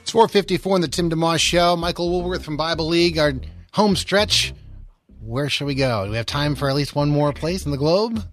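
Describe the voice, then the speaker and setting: A man's voice: on the high side, fairly quick, fairly bright tone. Man, radio talk show host, friendly, upbeat, casual fillers.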